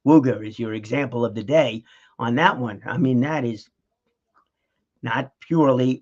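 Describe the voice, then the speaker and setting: A middle-aged vlogger with a medium-pitched, slightly mellow voice and a breathy edge chats casually at home. He rambles, laughs often and fills in with lots of fillers, a dog nearby, in dull lo-fi audio.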